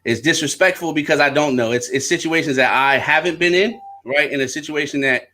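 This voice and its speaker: A man's voice: fairly high pitch, a little fast, bright, forceful tone, slight background noise. A man hosting a podcast discussion, thoughtful and earnest, often checking in with "right?". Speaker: podcast host.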